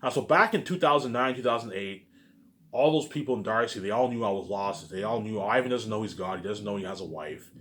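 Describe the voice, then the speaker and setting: Male vlogger with a lowish voice and a rapid delivery. Delivers a heated, profane, repetitive monologue full of restarts. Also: a bit bright. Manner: repetitive, profane, keeps asking "you know what I'm saying"; heated, restarts and stammers often. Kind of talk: rambling personal monologue.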